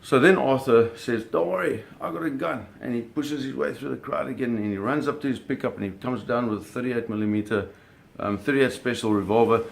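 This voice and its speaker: A man's voice: medium pitch, steady tone, fairly quick, gravelly, few pauses, slight background noise. A man telling a vivid personal story in a casual way, cursing freely and acting out the sounds and scenes. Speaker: storyteller recounting a personal experience.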